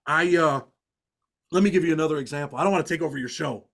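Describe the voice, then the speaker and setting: A man's voice: fairly high pitch, fast, vocal fry, fairly bright tone. Podcast guest: middle-aged man, New York accent, raised voice, earnest storyteller, casual street talk. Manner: street-talking, earnest, many "you know"s and restarts.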